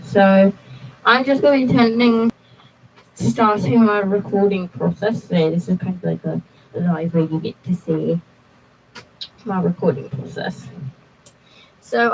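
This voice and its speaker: A young woman on a live stream at her home computer, talking in an unhurried, meandering way with plenty of pauses and restarts. Her voice sits mid-range, and a faint room hum runs behind her. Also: mid-range voice, low-quality recording. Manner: slow, rambling and halting, talking to chat. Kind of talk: casual live stream chat.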